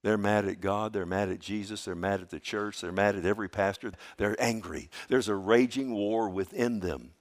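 A man preaching a sermon to his church. He asks rhetorical questions and reads scripture aloud, swinging between loud emphasis and a hushed, slow delivery. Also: on the low side, fairly even intonation. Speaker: pastor.

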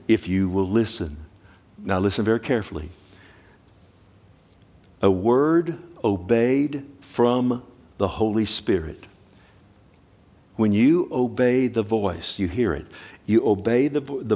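A man preaching a sermon, animated, swinging from loud urgent bursts to quiet low asides. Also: measured pace, pauses often.

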